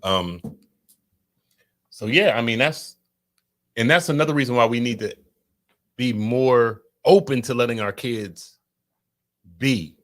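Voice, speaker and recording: A man's voice: medium pitch, slow, long pauses, a bit bright. Male podcast co-host, a dad, casual and preachy, swears freely. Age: adult with children. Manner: loose, preachy, profane, talks to viewers.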